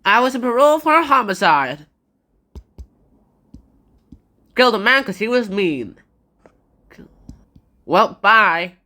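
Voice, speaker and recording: A woman's voice: on the high side, very animated, moderate pace, sharp tone, voice pushed up. A woman voicing a blunt young male ex-convict drifter in her own casual voice.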